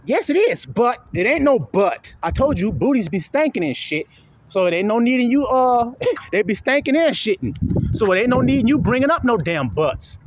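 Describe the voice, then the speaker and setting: Man preaching, high and very animated voice, faint crickets and traffic behind. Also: normal speed. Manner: preachy, plays mock voices of listeners, swings loud and hushed; casual slangy talk with swearing. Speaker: self-styled preacher. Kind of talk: street-style preaching monologue.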